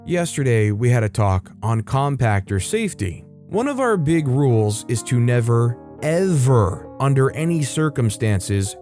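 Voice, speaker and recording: A man narrates stories at a middle pitch, casual and conversational, dropping wry comments between passages. Soft guitar music plays faintly underneath. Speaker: host reading online stories.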